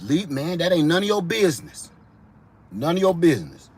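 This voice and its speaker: A man from Ohio doing a comedic monologue, animated and full of slang. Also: on the high side, moderate pace, slightly rough. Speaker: vlogger.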